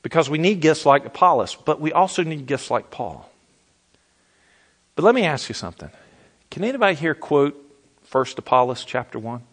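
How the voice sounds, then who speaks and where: A middle-aged man preaching a sermon as pastor, animated and repetitive, asking the audience questions. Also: a little high, moderate pace, pauses often.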